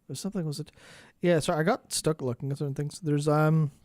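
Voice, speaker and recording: A worn-out man co-hosting a live stream late in the day. He rambles, swears casually and loses his place while searching for things, and his voice sits slightly higher than average. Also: steady tone, fast talker, darkish tone. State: tired. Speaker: co-host.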